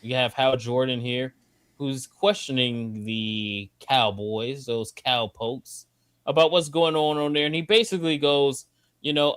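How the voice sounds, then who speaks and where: Podcast co-host, male, profane ranter who gets loud, dead-dry recording. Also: medium pitch, moderate pace, smooth, no room sound. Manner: animated, profane ranting that climbs to near-shouting. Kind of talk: casual review chat.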